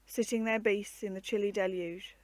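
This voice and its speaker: A woman reading a storybook aloud in a steady, measured narration. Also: mid-range voice, no echo.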